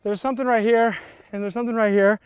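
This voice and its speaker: Playful high-voiced man vlogging outdoors. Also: fairly even intonation, quick pace, smooth. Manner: laughing, playful, hype shouts. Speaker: vlog host, bike rider. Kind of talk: casual outdoor vlog chat. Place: outdoors at a dirt jump.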